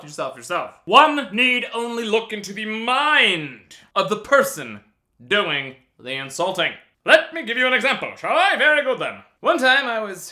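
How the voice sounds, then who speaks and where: A male vlog host delivering a comic monologue with theatrical flair and frequent swearing. His voice sits high and bright, and his pitch swings widely as he performs. He speaks with energy throughout. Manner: animated, theatrical, profane. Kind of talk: comedic monologue.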